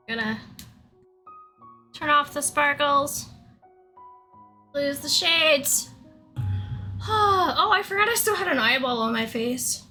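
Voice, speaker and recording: A woman's voice: high-pitched, bright, forceful tone, low-quality recording. A woman livestreamer chatting casually with her viewers in a playful, giggly way, laughing often.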